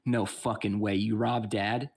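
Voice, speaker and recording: A man's voice: on the low side, level tone, measured pace, gravelly, a little mellow, husky, exaggerated voice. A man voicing a sardonic young woman, a bookish thief sister, in an offhand, mumbling way in a tabletop game.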